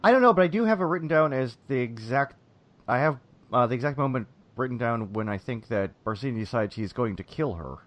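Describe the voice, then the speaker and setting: A man co-hosting a podcast, agreeable and chatty, often affirming and pausing mid-thought. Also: mid-range voice, animated, no room sound. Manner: agreeable, frequent affirmations, halting. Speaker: podcast co-host. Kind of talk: casual chat.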